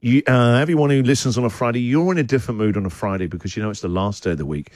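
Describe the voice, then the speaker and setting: A man hosting a radio breakfast show, chatting in an energetic, teasing way. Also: mid-range voice, rapid-fire, no room sound. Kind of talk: upbeat radio chat. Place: radio studio.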